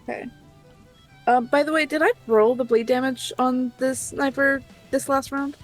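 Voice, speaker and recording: A woman's voice: sits high, fairly even intonation, moderate pace, soft background music, poor audio. A woman playing in a tabletop game, talking casually, blunt and swearing a lot. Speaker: player.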